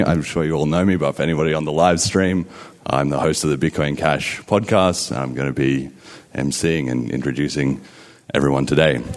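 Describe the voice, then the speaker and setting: A man hosting a conference on stage, telling a story to a live audience in a casual, upbeat way. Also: very deep voice. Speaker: conference host and emcee.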